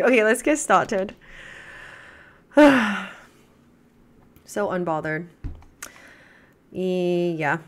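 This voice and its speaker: A woman's voice: on the low side, lively intonation, drawn-out words, pauses often. A young woman reaction streamer chatting at home, gushing and rambling with many restarts. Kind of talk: casual chat.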